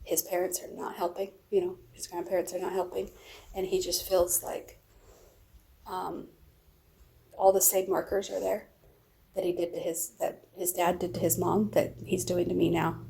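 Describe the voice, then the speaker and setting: A middle-aged woman with a heavily gravelly, creaky voice pours out a personal story to a friend. Her tone is low and mellow. She rambles casually from one detail to the next. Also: flat delivery, normal speed. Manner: rambling, emotional retelling. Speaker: vlogger.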